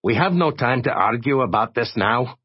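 A man voicing an impatient, forceful older man who speaks firmly and with pride. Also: medium pitch, expressive, normal speed, husky, dull audio, voice pushed up.

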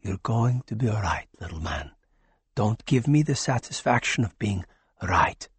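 Man reading as courtly alien doctor, gentle and formal, husky, dry close sound. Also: medium pitch, lively intonation, unhurried, no echo. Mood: soothing. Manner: soft and soothing to patients, sharp when ordering. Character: alien male doctor, courtly, calm in crisis.

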